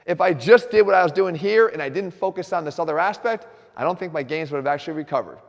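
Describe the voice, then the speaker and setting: Brief: direct, energetic male coach, slightly high voice, long echo from the gym. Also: fast, vocal fry. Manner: direct, energetic, talks straight to viewers. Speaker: fitness coach host. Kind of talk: instructional fitness video. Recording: reverberant gym room.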